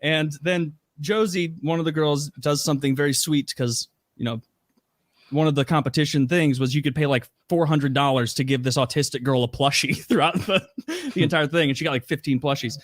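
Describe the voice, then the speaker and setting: A man's voice: a little high, a little fast, no echo, studio quality. A man hosting a podcast, animatedly retelling a story in casual chat with lots of filler words. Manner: animated retelling, heavy use of "like". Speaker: podcast host.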